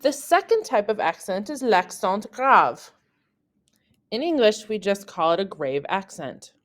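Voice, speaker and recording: In a scripted beginner lesson, a female French teacher walks through the material slowly and with care. Her voice springs up and down in pitch as she reaches each example.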